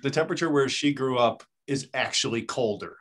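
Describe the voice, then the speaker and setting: A man's voice: medium pitch, fairly quick. Joking man chiming in briefly. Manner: joking, short interjections. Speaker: podcast guest. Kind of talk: casual interview chat.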